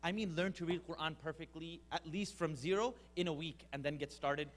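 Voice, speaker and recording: A male Quran teacher speaking to a live audience in a slightly higher-than-usual voice. He tells stories with animated energy, mimics sounds and voices, and teases the listeners playfully. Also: brisk. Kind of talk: lively storytelling lecture to an audience.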